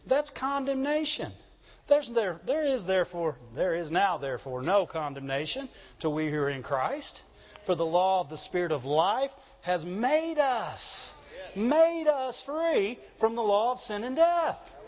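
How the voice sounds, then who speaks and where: A man preaching a sermon in an animated call-and-response manner, asking the congregation for agreement. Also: high-pitched, unhurried, highs cut off. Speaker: pastor.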